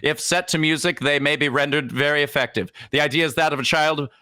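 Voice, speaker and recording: A man's voice: fairly high pitch, brisk, bright, forceful tone, clear, resonant tone. A young man co-hosting a podcast, telling a comic history story casually and slipping into exaggerated quoted voices. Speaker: podcast co-host.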